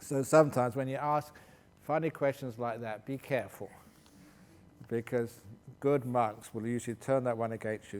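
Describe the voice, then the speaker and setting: A man's voice: fairly even intonation, normal speed, darkish tone. A man, a Buddhist monk, answering questions at a meditation retreat in a humorous, storytelling way and laughing as he goes. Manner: humorous, laughs while telling stories. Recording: long hall reverb with faint low rumble.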